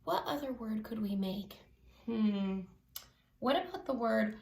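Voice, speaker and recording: A woman teacher giving a slow phonics lesson to children, stretching out each sound clearly. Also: on the high side, lively intonation, darkish tone. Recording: echoey room.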